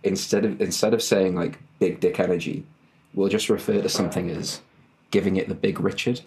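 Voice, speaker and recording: A man's voice: low-pitched, steady tone, brisk, gravelly, darkish tone, slight background noise. A man, a fitness coach and podcast co-host, chatting in a laid-back way on a video call and laughing easily. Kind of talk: casual podcast chat. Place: home setup on a video call.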